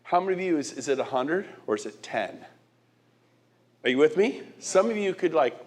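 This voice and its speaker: A man's voice: a little high, expressive, normal speed. Emphatic middle-aged male motivational speaker. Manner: emphatic, rhetorical questions to the crowd; repeats and restarts words. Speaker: guest speaker. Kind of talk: motivational speech to an audience.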